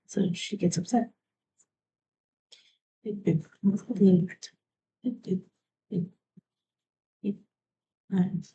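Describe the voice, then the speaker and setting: A woman live streamer rambling through a story in a soft, half-whispered way, often trailing off. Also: medium pitch, slight background noise, poor audio.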